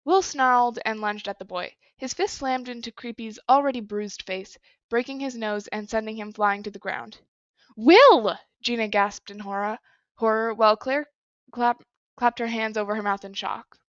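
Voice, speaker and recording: A woman's voice: on the high side, moderate pace, no echo. Woman reading a story, dull dry sound. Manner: plain, even reading with small slips. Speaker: story reader. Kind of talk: reading fan fiction aloud.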